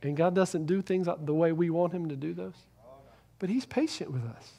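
A man with a high, light voice preaching a sermon in a church. He is earnest, pushing some lines out loudly and dropping others to a hush that is almost a whisper. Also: moderate pace, creaky. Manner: earnest, swings from loud emphasis to hushed near-whisper. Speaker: pastor.

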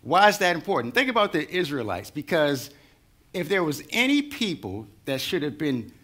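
A man's voice: fairly high pitch, big pitch swings, moderate pace, a bit bright. A man preaching a sermon in a conversational way, building to rising intensity. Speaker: pastor.

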